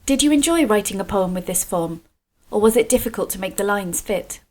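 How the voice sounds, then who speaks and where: A woman from Scotland leading a creative writing video workshop for children, explaining slowly and clearly with encouragement. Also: mid-range voice, animated, darkish tone.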